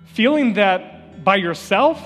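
A man's voice: sits high, expressive, takes it slowly, fairly bright tone. A man preaching a sermon as pastor, telling personal stories earnestly and repeating key phrases for emphasis. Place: church sanctuary. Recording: long hall reverb with faint guitar music.

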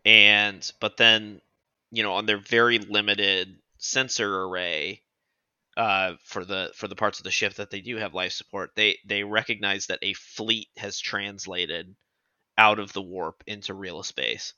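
A man co-hosts a podcast, recapping a novel in a loose, animated way and swearing freely. His voice sits low with a sharp, bright edge. The recording is dry and dull, like a lo-fi home mic. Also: unhurried, smooth, no echo. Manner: animated retelling, acts out quotes, swears. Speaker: podcast co-host. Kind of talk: casual chat recapping a novel.

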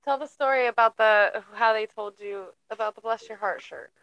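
A woman co-hosting a casual podcast chat, upbeat and blunt, reacting quickly and laughing often. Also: fairly high pitch, fairly even intonation, smooth, dull audio. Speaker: podcast co-host.

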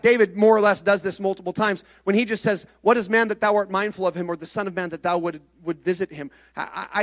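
A male pastor preaching a sermon, moving between soft, low passages and loud, rising exhortation.

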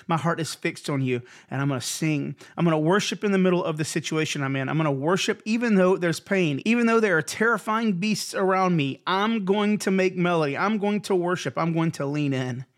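Earnest man preaching a devotional. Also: a little high. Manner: earnest, encouraging, repeats phrases for emphasis. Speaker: pastor and podcast host. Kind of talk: devotional podcast sermon. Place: Houston area.

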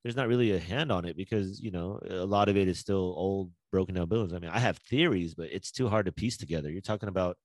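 Laid-back slangy man, low-pitched, close and dry; loose co-host banter. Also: fast talker, hardly any pauses, no echo. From Filipino American. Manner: laid-back, slangy, musing, jumps into loud put-on voices. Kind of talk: casual chat.

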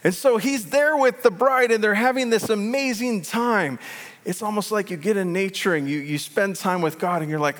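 A man preaching a sermon as pastor, animated and acting out quoted voices, in a church sanctuary. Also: sits high, moderate pace, big-room sound. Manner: animated, acts out quoted voices, laughs at own jokes.

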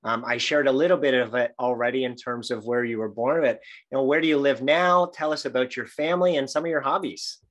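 A male podcast host with a medium-pitched voice asks his guest questions. He is friendly and laughs along with the guest's stories. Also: brisk, hardly any pauses, a bit bright. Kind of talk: interview questions.

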